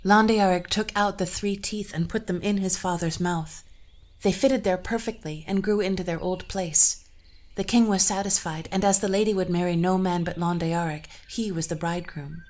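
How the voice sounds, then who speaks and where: A woman narrating an old folktale and adding her own commentary, in a measured, even way. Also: fairly low pitch. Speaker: storyteller and podcast host.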